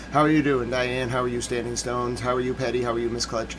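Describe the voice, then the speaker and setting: A man's voice: medium pitch, little pitch movement, a little fast, hardly any pauses. A man talks his live audience through breaking reports, greeting viewers in chat. He often repeats himself in an uneasy tone. A faint hum sits behind his voice. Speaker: livestream news commentary host.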